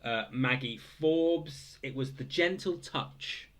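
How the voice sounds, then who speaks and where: A young man hosts a casual quiz recap, pitched right in the middle for a male voice. He reads each answer in a relaxed, halting way, full of "uh"s and "um"s. Now and then he drops in dry, self-mocking jokes. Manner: hesitant, many fillers, dry joking asides. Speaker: quiz host.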